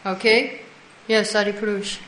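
A woman's voice: medium pitch, little pitch movement, measured pace, fairly bright tone. A woman teaching a devotional class, retelling stories with quoted dialogue and answering listeners. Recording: echoey room.

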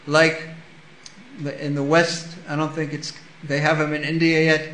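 A man's voice: a little high, monotone, unhurried, fairly bright tone, a little hiss or hum. Man preaching in an echoey room. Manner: storytelling with acted-out voices. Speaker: spiritual teacher. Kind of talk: sermon reading and commenting on scripture.

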